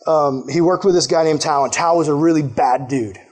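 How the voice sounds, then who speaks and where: A man with a fairly high voice preaches in a relaxed, chatty way. He tells a story to his congregation and slips into quick voices for the people in it. His delivery is lively and animated. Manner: lively, acts out quotes in put-on voices. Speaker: pastor. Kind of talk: casual sermon storytelling.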